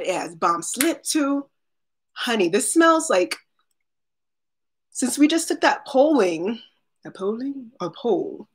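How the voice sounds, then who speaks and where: A husky, mid-range female voice belongs to an unboxing vlogger on a live stream. She unboxes products in a chatty, casual way, calling out to viewers by name and laughing frequently.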